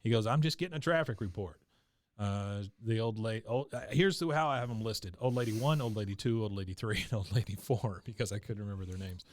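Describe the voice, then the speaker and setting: A man's voice: fairly low pitch, fast talker, hardly any pauses. A man hosting a podcast, casually recapping an episode with lots of filler sounds and chuckles. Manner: rambling, many filler sounds, chuckles often. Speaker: podcast host.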